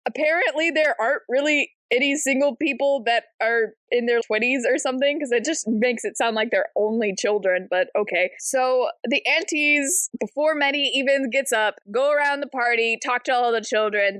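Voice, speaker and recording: High-pitched woman chatting about a book, animated, acts out lines, dry close sound. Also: moderate pace, hardly any pauses, dry recording. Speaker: book club podcast co-host. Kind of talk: casual book discussion.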